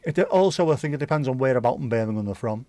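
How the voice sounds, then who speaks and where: Rattling off blunt, opinionated replies to viewer comments, this male livestream host chats casually and swears freely. He talks rapid-fire in an expressive, warm, medium-pitched voice, recorded dry.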